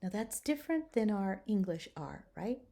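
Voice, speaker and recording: A woman teaching choir singers how to pronounce Latin consonants, patiently modelling each word slowly for them to repeat. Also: medium pitch, sing-song, warm tone. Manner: clear, patient, models words slowly for repetition. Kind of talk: instructional lesson with sung and spoken examples.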